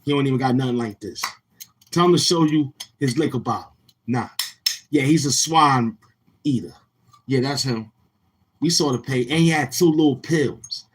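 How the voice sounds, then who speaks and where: A man hosting a live stream, mocking someone in a slow drawl with drawn-out hums. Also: mid-range voice, slight background noise, low-quality recording. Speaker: livestream show host. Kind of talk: trash-talking live stream commentary.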